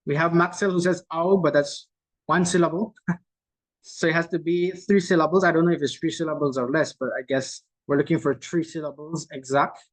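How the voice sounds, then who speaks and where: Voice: medium pitch, rough recording. A host running a quiz game over a video call, repeating each clue and tagging lines with "right?" in a loose, chatty way. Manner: repeats each clue slowly, reading out answers from the chat. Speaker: game host at a virtual conference. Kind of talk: casual hosting of a chat quiz game.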